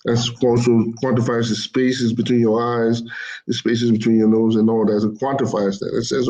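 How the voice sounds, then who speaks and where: A man with a mellow, medium-pitched voice explains machine learning casually, speaking a little fast in a level tone. He rambles, repeating phrases and often correcting his words. The audio quality is poor.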